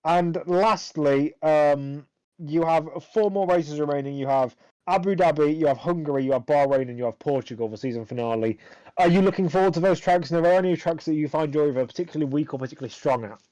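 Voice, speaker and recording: A man's voice: on the high side, fast, darkish tone, no room sound, rough recording. A man doing live commentary and interviews for a sim racing league, dry and sarcastic, rambling with fillers.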